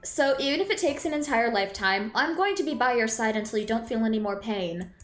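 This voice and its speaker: A caring teenage boy from a game talks with sincere, steady warmth, read by a woman in her own voice. The voice is fairly high. It echoes in a room, with soft music behind it. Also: brisk. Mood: earnest.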